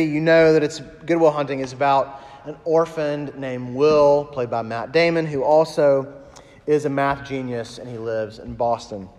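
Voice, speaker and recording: A man preaching a sermon in a conversational storytelling manner, often dropping to a hushed voice for emphasis. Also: medium pitch, big-room sound. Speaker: pastor.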